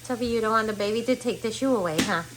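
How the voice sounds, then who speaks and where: A woman who vlogs about her family's pet monkey films a casual home video on a handheld phone, coaxing her pets and a baby in sing-song baby talk. Her voice is a little high and she talks fast. The recording is very noisy.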